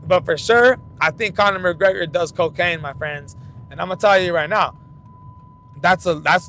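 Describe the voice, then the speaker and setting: Young guy talking while he drives, kinda high and bright, rambles and swears a lot, light car rumble in back. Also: moderate pace. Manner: rambling storytelling, loose and profane, frequent restarts. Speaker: fight commentary channel host. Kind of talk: casual talk while driving. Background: vehicle rumble.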